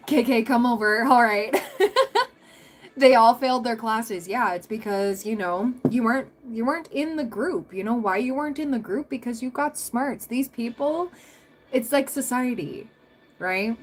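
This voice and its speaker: A woman's voice: fairly high pitch, expressive, a little slow, soft background music, low-quality recording. Young woman chatting on a livestream, laughs a lot, rambles through stories. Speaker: tarot livestream host. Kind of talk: casual livestream chat with viewers.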